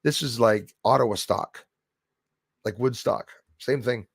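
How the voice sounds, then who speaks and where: A man's voice: mid-range voice, a little slow, gravelly, slightly rough, dry recording, clean studio sound. A man hosting a casual livestream, rambling bluntly and greeting viewers by name. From Canada. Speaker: livestream host reading chat. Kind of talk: casual live-stream chat.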